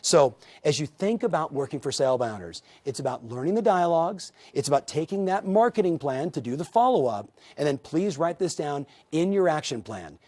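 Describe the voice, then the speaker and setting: A man with a somewhat high voice leads a real estate sales lesson. He tells stories and acts out the people in them, addressing the viewers directly as he coaches them. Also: darkish tone. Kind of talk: motivational training talk.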